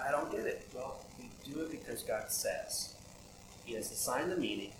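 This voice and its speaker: Man preaching in an echoey room. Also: medium pitch. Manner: conversational, asks rhetorical questions. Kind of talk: sermon. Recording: echoey room with audible background noise.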